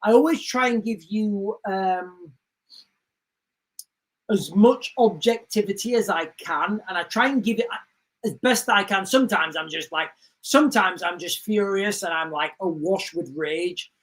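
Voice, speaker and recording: Woman, livestream host, news commentary, rambling, emphatic, restarts often, talks to viewers, mid-range pitch. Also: a little slow, poor audio. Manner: addresses viewers directly. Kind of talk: live-streamed news commentary.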